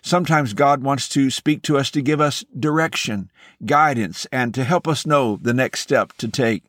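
Man, mid-range voice, earnest devotional podcast host, measured and encouraging, dry close recording. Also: medium pitch, a bit bright, no room sound. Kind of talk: scripted devotional message.

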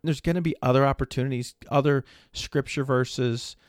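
A man in his forties talks through a faith-based podcast in a relaxed storytelling way. His voice sits at an ordinary middle pitch, close to the mic in a dry, dead room. He keeps checking in with "right?" as he goes. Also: normal speed, no room sound. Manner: conversational storytelling, frequent "right?" asides. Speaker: podcast host.

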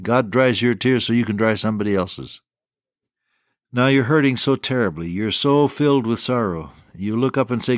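An older man preaching a radio sermon in a gentle pastoral way, talking straight to his listeners and calling them beloved. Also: mid-range voice, normal speed, dry recording, clean studio sound.

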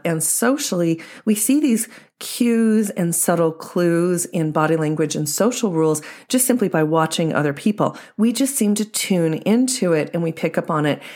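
Low-voiced woman dating coach. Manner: explanatory, steady and measured. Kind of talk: podcast monologue.

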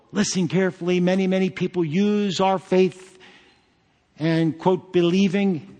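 A man's voice: high voice, steady tone, unhurried, warm tone. A man pastor preaching a sermon emphatically, with joking asides. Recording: long hall reverb.

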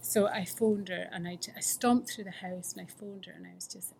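A woman's voice: fairly low pitch, steady tone, normal speed, creaky, a little mellow, slight background noise. A woman telling her recovery story to a fellowship, candid and earnest, often sinking to a near-whisper. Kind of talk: personal recovery testimony.

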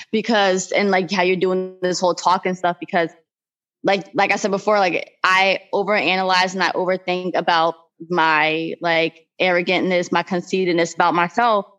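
A woman's voice: fairly low pitch, a bit bright. A woman rambling in casual chat over a video call, sharing a personal story with lots of filler words.

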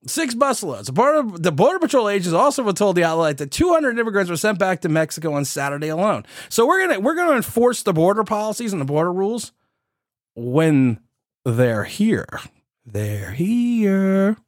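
A man in his forties rants sarcastically on his podcast, his pitch leaping and swooping as he mocks what he hears. His voice sits a little high and is recorded dry and close. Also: very animated, fairly quick, dry recording. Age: 40s. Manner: sarcastic, incredulous, with mocking asides and laughs. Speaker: podcast host. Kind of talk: opinionated political commentary.

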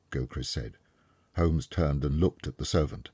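Deep husky male storyteller. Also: moderate pace, no room sound, clean studio sound. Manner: plain, steady storytelling. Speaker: narrator, audiobook reader. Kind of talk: scripted narration of a classic story.

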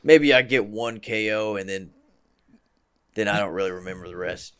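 Rich: A male podcast guest with a low voice who talks casually and hesitantly. He leans heavily on fillers and has a dry humor. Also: normal speed, fairly bright tone, clear, resonant tone. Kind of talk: casual chat.

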